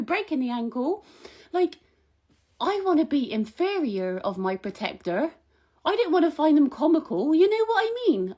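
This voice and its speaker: Young woman, high voice, gossipy comic rant to camera, indignant and rambling. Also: darkish tone. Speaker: comic vlogger.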